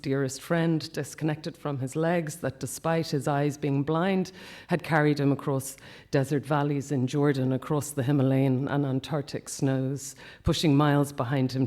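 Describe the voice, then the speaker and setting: A man reading a personal account aloud at a festival talk, quiet and measured, often dropping to a hush. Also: on the high side. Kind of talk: reading a memoir piece aloud.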